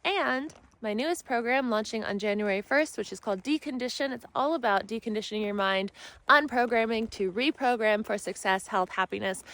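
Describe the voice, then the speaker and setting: A woman spiritual mentor talking in a soft, rambling, earnest way for her vlog, filming herself on a phone at arm's length while riding outdoors. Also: a little high, fairly quick, low-quality recording. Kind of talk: casual self-help vlog talk. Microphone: phone held at arm's length.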